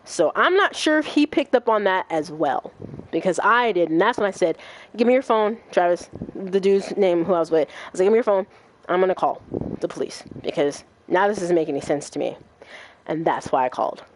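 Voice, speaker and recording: A young adult woman hosting a gaming livestream, telling a story in casual chat, profane and animated, acting out what others said. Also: lowish voice, a little fast. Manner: animated, profane, acts out quoted voices.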